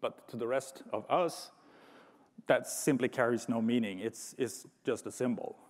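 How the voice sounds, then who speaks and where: Steady in tone and a little slow, a man with a medium-pitched, slightly mellow voice presents at a conference. He's reflective with gentle humor and often restarts his sentences, all in a reverberant large hall.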